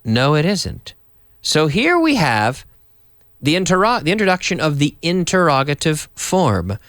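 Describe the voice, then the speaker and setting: Lively male English teacher from Canada. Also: on the high side, unhurried, no echo, clean studio sound. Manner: animated, acts out example sentences with big question intonation. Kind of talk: English lesson for Spanish speakers.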